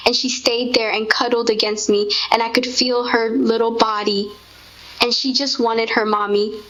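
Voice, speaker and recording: A woman's voice: a little high, level tone, normal speed, fairly bright tone. A woman speaking as a grieving mother in a tender, heartfelt conversation. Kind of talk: intimate spoken conversation. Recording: dull lo-fi recording.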